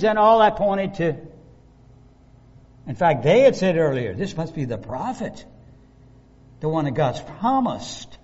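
A man preaching a sermon, animated and conversational, acting out the voices of the people he describes. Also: a little high, unhurried, pauses often. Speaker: pastor. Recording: dull lo-fi recording.

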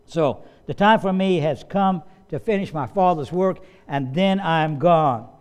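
Pastor, male, fairly high smooth voice, chatty sermon delivery with asides. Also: a little slow, darkish tone. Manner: conversational preaching with asides and occasional coughs. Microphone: slides and study sheet, speaking to a congregation.

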